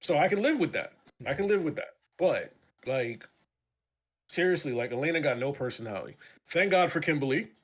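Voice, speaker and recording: A man's voice: on the high side, lively intonation, fairly quick. A man as a guest on a casual live-stream chat show, ranting passionately with many repeats and profanity.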